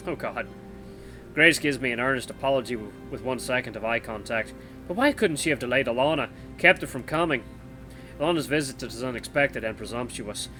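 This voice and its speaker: A man reading and playing a story game aloud, expressive and thinking aloud between choices. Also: mid-range voice, brisk, soft background music. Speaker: gameplay narrator.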